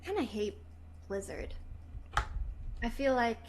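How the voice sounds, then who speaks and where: A woman's voice: a little high, animated, measured pace, darkish tone. A young woman chatting casually as a guest on a livestream, rambling and gushing, with restarts and fillers. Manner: rambling, gushing, puts on a pleading baby voice at times. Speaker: stream guest. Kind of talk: casual stream chat.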